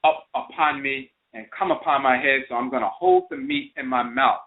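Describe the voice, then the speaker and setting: A greedy, restless dog begging and scheming for meat, as a male storyteller puts him on. The voice sits at a middling pitch and comes through thin and boxy, like a phone call on internet radio. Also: wildly swooping pitch, moderate pace, gravelly. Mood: pleading. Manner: pleading, scheming.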